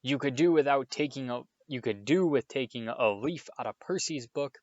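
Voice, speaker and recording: Stern mother figure, storybook reading, fierce and fussy, a male reader puts her on; low-fi, dry. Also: a little fast, dry recording, muffled recording, natural voice. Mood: furious scolding. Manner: scolding, loud bursts, motherly to the guest. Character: stern, worried mother of seven, fierce temper.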